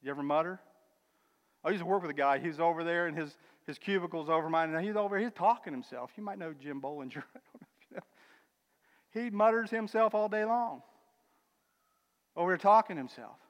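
A man preaching a sermon with emphatic, building declarations and quieter asides, calling listeners brother and sister. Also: a little high, fairly quick, pauses often, lo-fi sound. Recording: long reverb of a large hall.

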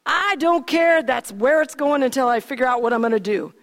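A woman's voice: expressive, fairly quick. Woman playing King David, indignant king. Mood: curt. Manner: indignant shouting, later low and hushed. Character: King David, a frustrated man ruler, shouting then hushed. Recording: long reverb of a hall.

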